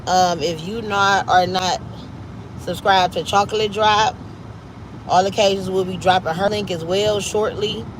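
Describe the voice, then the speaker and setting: A woman's voice: medium pitch, steady tone, measured pace, a little hiss or hum, poor audio. Chatty Midwest woman hosting a livestream. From Cleveland, Ohio, US Midwest. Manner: chatty, upbeat, plugs other channels, casual slang. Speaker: livestream host. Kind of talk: casual livestream chat. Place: at home.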